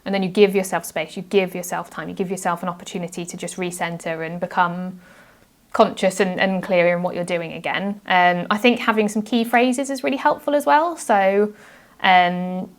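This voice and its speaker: A woman's voice: fairly low pitch, steady tone, moderate pace. Woman, podcast guest, earnest, reflective, casual chat. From United Kingdom. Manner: earnest, reflective, acts out example phrases.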